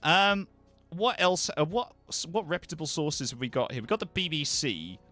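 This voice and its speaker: A man's voice: fairly high pitch, big pitch swings, normal speed, bright, forceful tone, dry recording, soft background music. A man live-streaming and chatting casually with his viewers, animatedly reading web pages aloud with offhand asides.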